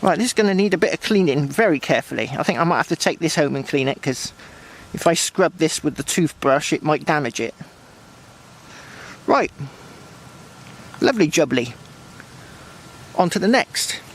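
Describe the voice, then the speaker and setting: Detecting across open countryside, a West Country man with a somewhat high voice talks to the camera in an animated, fairly quick, wandering way, chatting to himself as he goes. This metal detecting vlogger is cheerful and chatty. Rain, wind and a clear hiss fill the low-quality outdoor recording.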